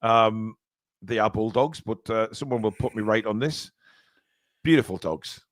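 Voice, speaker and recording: A man's voice: lowish voice, a little slow, dry recording. Chatty man, dry mic. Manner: rambling, many fillers. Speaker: stream host reading super chats. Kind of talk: casual live-stream chat.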